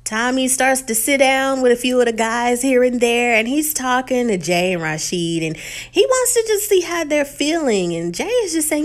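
A woman's voice: a little high, normal speed. A woman, casually recapping a reality dating show and acting out the quotes with laughter. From Texas. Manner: animated retelling, acts out quotes, laughs.

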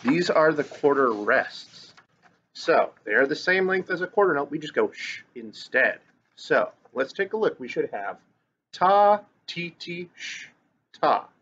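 A man's voice: mid-range voice, big pitch swings, a little slow, a bit bright, breathy edge. A man teaching grade school children to read rhythms, chanting note syllables and cheering them on. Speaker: music teacher. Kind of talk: online lesson for children. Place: classroom or home, filmed on camera. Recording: dull lo-fi recording.

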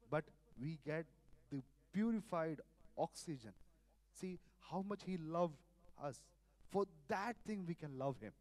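A male preacher delivers a sermon, his voice sitting a little higher than most men's. He repeats phrases with earnest insistence and swings from loud emphasis to near quiet. The sound is dry and close. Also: no echo. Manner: earnest, repetitive, sudden swings in loudness.

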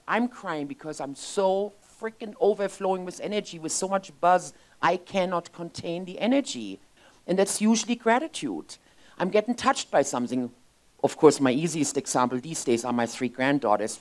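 A woman in her fifties giving an emotional, expressive inspirational sermon as a spiritual speaker in a church. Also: sits low. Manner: expressive, emotional, lively storytelling. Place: church sanctuary.

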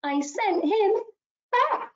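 A woman leading a children's story session, talking to toddlers in an animated sing-song way, gasping with delight and coaxing them to join in. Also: very high voice, drawn-out words, highs cut off. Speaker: early years practitioner.

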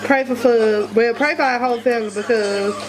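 A woman's voice: a little high, fairly quick, background noise. A woman in her twenties, chatting casually to her viewers in a loose vlog style. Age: 20s. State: out of breath at times. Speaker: vlogger.

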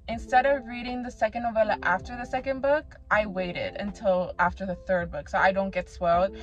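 A woman's voice: mid-range voice, fairly bright tone. Chatty woman rambling through a book review. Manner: chatty, rambling, acts out her own past reactions. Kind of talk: casual vlog chat. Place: away from her home. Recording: slightly muffled, with background music.

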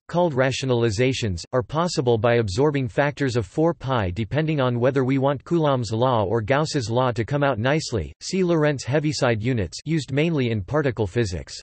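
This is text-to-speech: a computer-generated man's voice, mid-range in pitch, delivering an encyclopedia article in an even monotone. It spells formula markup letter by letter, and the sound is dry and close-up with no surrounding room.

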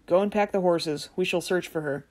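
A woman's voice: fairly low pitch, fairly quick, a little mellow, lightly acted. A woman reading the part of a young prince in a fairy tale, urgent and commanding.

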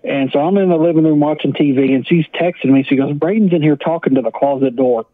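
A man's voice: a little high, fast, dry recording. A man, a guest on an interview podcast, telling a ghost story in a rambling, casual way, full of "I was like". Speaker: paranormal investigator guest. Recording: tinny phone-like line.

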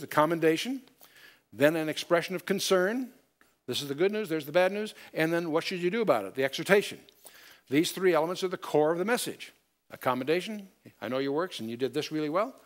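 A man giving a Bible study lecture, explaining step by step and quoting scripture in old-style wording. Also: on the high side. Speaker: Bible teacher.

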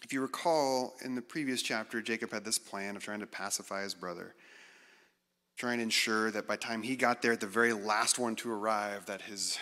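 Middle-aged man, conversational sermon, animated, self-deprecating, long hall reverb. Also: on the low side, normal speed. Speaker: guest speaker.

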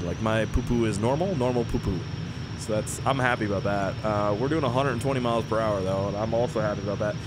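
A young man with a cold rambles through casual gameplay commentary, excitable and jokey, with a middle-pitched voice. Loud engine and crash sounds from the game run underneath him. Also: noisy background. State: has a cold, coughing. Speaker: gaming video host.

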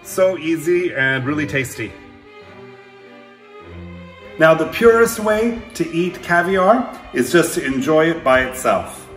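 Male cooking host, slightly high voice, relaxed and chatty, echoey room. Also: slow pace, long pauses, faint music behind. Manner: relaxed, chatty, with frequent filler words. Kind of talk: casual cooking demonstration.

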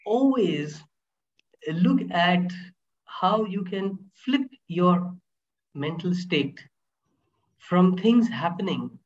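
A man, a guest speaker, telling teaching stories in an interview, animated and laughing between points. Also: sits high. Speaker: guest speaker on inner power. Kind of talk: storytelling interview talk. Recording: dull lo-fi audio.

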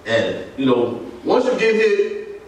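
A man's voice: medium pitch, big pitch swings, slow pace. Give me a man preaching a testimony in a church, laughing as he acts out what people said, heard from a distance. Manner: storytelling, laughing, acting out dialogue. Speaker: pastor. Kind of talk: sermon testimony. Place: church sanctuary. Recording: echoey church from far off. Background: congregation responses.

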